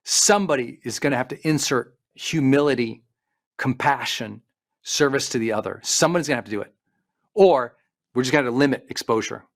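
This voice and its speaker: A middle-aged man, a performance coach, giving an emphatic motivational talk with slowed-down stresses and listed points. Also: mid-range voice. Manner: emphatic, preachy delivery with slowed stresses and lists.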